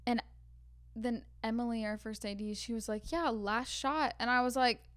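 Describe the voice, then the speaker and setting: A woman's voice: fairly high pitch, steady tone, moderate pace, a bit bright, dry recording, studio quality. A young woman co-hosting a podcast, telling stories from a film set in casual chat, full of "like" fillers. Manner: chatty storyteller, many "like" fillers. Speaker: podcast co-host.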